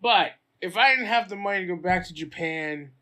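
Loud, bright-voiced, excitable American man. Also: high-pitched, brisk. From United States. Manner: loud, animated, swears constantly. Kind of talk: casual chat.

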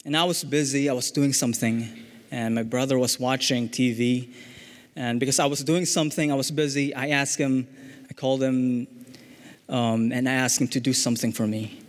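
A young man sharing a personal testimony in church, speaking earnestly and haltingly with fillers and restarts. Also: medium pitch, steady tone, long reverb tail.

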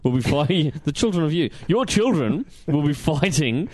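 A man's voice: on the high side, very animated, normal speed, darkish tone, dry recording. A man with an Australian accent hosting a podcast, joking, teasing his guests and laughing often. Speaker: podcast host. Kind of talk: casual podcast banter.

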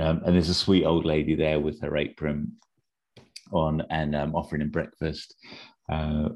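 An extremely low-pitched man with a darkish tone is co-hosting a podcast. His casual pitch for an episode idea wanders, packed with filler words and repeated restarts.

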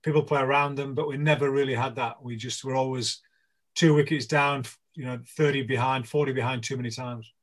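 English man telling a lively cricket anecdote. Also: medium pitch, a little fast. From England. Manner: animated storyteller, acts out voices of teammates. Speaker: interview guest, former cricketer.

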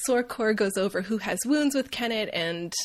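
A woman hosting a casual comedic book recap, wry and quick to laugh, tossing off quick voices for the characters. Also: mid-range voice, expressive. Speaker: podcast host recapping a novel.

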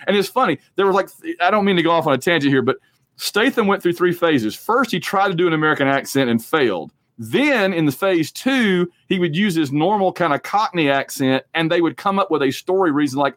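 A man co-hosting a casual movie podcast, talking in a rambling, jokey, animated way. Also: high voice, a little fast, no echo, studio quality. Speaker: podcast co-host.

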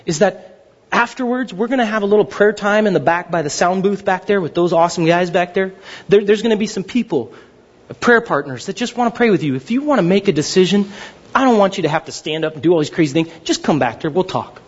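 High, animated pastor telling a story. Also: male voice, fast talker, dull audio, slight background noise. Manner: animated storytelling with frequent laughter and repeated words. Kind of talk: sermon with personal story.

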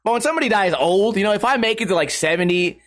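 A man's voice: high voice, animated, racing, fairly bright tone. A man hosting a podcast, telling a story in a casual, profane way and laughing often. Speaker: podcast host.

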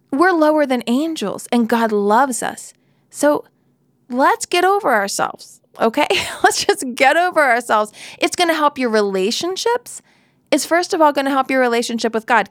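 A woman's voice: high voice, no room sound, clean studio sound. A woman preaching a sermon in an earnest, conversational way, with playful asides.

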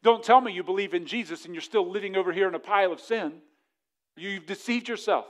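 A male pastor preaching a sermon fervently, dropping to a hush and then rising to emphatic points. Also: high voice. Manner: mocking voices of others in quick asides.

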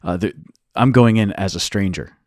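A man's voice: low-pitched, normal speed, a little mellow, no echo, clean studio sound. A man co-hosting a casual podcast as a youth minister and teacher, explaining at length with many restarts.

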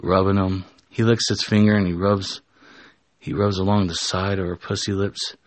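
A man's voice: deep voice, flat delivery, normal speed, no echo. A man casually telling an improvised story, often stopping and correcting himself. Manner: casual, with frequent restarts and self-corrections. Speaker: storyteller and show host.

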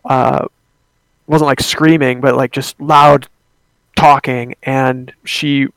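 A man's voice: mid-range voice, gravelly, fairly bright tone, no room sound. A young man telling a personal ghost story in a casual, rambling way, with many fillers and restarts.

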